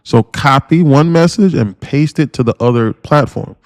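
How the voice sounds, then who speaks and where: A man streams live market commentary in a rough, gravelly voice at a middling pitch. He pushes his points hard, repeats himself and restarts sentences as he goes. The sound is dry and close, with no room echo. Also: moderate pace. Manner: animated, repetitive and emphatic, with frequent restarts. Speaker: day trader streaming live.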